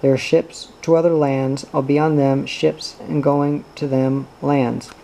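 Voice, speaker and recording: A man reading as a restless young farmhand, blunt and set on leaving. The voice is gravelly and dark, delivered with little rise and fall. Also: fairly high pitch, little pitch movement, a little slow, a little hiss or hum, rough recording. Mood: defiant. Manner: blunt and determined.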